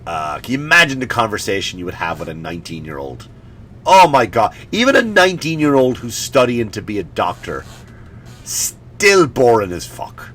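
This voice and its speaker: A man's voice: mid-range voice, moderate pace. A man in his forties hosting a comedy podcast, ranting with swearing and mocking impressions, a bit sniffly. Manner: animated, profane, mocking impressions. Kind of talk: comedic rant.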